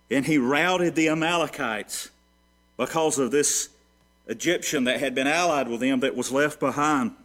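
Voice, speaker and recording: Male pastor preaching, slightly high voice, wide swings from quiet to loud, rhetorical questions. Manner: preaching with sweeping swings between soft and loud; asks rhetorical questions and answers them. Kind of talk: sermon.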